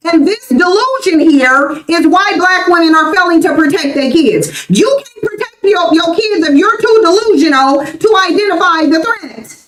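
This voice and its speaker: A woman's voice: very high-pitched, expressive, moderate pace, hardly any pauses, a bit bright, roomy sound, low-quality recording. An American woman in her forties hosting a livestream, talking emphatically and repeating her points insistently. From United States. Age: 40s. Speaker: livestream host. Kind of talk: livestream commentary.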